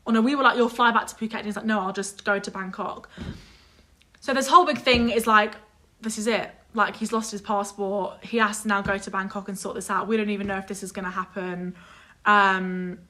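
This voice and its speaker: A young woman telling a story in casual chat, animated and exasperated, swearing freely and mimicking others. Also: medium pitch, fairly quick. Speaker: vlog guest telling a story.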